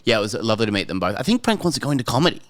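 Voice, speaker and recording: A man co-hosting a comedy podcast, riffing quickly and echoing his co-host's lines for laughs. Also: medium pitch, very animated, fairly bright tone. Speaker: podcast co-host. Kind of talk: casual comedic chat.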